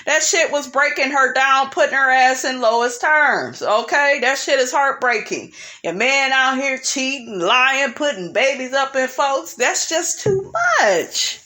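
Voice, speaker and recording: A woman's voice: sits high, unhurried, pushed and bright. A woman recapping a reality TV episode in a sassy, opinionated gossip style, calling her listeners honey and child.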